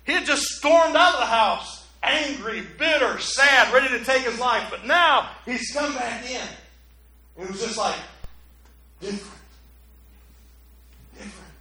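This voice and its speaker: A male preacher giving a sermon, telling a story dramatically and swinging from hushed to loud. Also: extremely high pitch, unhurried, very echoey, poor audio.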